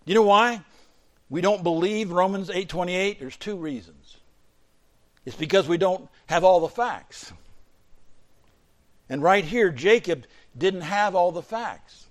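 A middle-aged man preaching a sermon, a pastor whose voice climbs to emphatic peaks and then falls low and quiet. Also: measured pace, long pauses. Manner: preaching with sudden surges in pitch and loudness, then dropping low.

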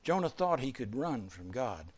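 A man preaching a sermon, swinging between loud fervent peaks and quiet low asides. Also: big pitch swings, moderate pace, breathy edge.

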